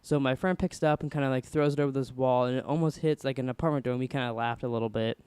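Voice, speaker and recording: A young man hosting a podcast, casually rambling through an animated story. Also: mid-range voice, racing, clean tone, no room sound. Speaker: podcast host.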